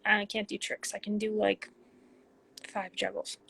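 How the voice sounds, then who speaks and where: A woman's voice: mid-range voice, completely flat delivery, a little slow, vocal fry, sharp tone, breathy edge. A woman in her twenties from Canada, a pro soccer player reading fan questions aloud and answering them in a casual, chatty livestream on her phone.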